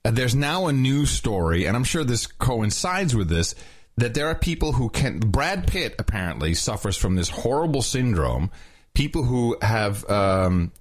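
A man hosting a podcast, talking in a sarcastic, mocking, animated way. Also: on the low side. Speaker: podcast host. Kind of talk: casual podcast talk.

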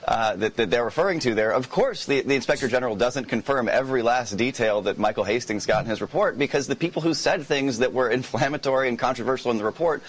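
A man, a journalist guest in a news interview, talking quickly with many restarts and repeated words. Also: medium pitch, slightly rough.

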